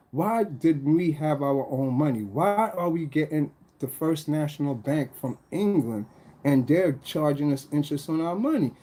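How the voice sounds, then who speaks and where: A man with a mellow, darker voice explains at length in casual speech, full of restarts. He keeps checking in with rhetorical questions. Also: medium pitch.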